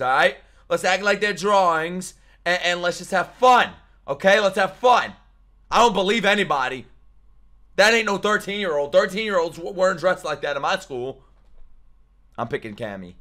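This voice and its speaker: A young man streaming casual reaction commentary, excitable and profane, jumping between loud outbursts and mumbled asides. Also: a little high.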